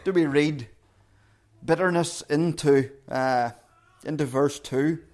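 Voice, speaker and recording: A man preaching a sermon in an earnest way, acting out quoted lines with loud and soft swings. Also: fairly high pitch, slow pace. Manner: earnest, acts out quoted voices with shifting volume.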